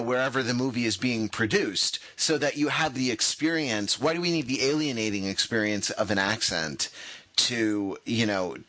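A man with a bright, forceful voice hosting a casual discussion, pressing his points with rhetorical questions. The sound is close and dry. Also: mid-range voice, no room sound, rough recording. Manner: opinionated, argues with rhetorical questions.

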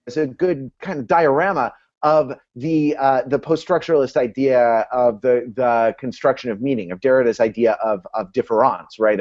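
A man's voice: mid-range voice, darkish tone, highs cut off. Hesitant, academic man on a video call. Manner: academic, hesitant, many restarts. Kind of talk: casual analytical discussion.

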